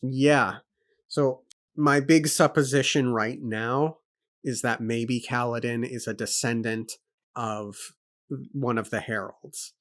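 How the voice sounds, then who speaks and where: This man has a mid-range, fairly bright voice with fairly even intonation, and he speaks slowly. As co-host of a book club podcast, he thinks aloud in a casual discussion of the book, laying out his points and questions one at a time.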